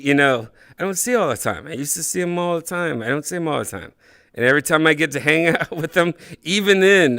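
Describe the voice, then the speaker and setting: A man hosting a podcast in a casual chat, giggling constantly and bursting into excited shouts. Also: mid-range voice, vocal fry, clear, resonant tone. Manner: giggly, laughs constantly between lines. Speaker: podcast host.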